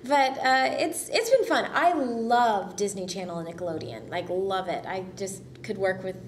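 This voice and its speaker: A woman's voice: mid-range voice, moderate pace, slight background noise. A woman actress answering interview questions casually, upbeat, friendly and enthusiastic.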